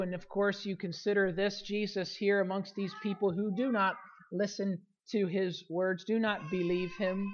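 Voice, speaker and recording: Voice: mid-range voice, steady tone, measured pace, lo-fi sound. A pastor preaching a sermon in an earnest manner, with frequent restarts and rising emphasis.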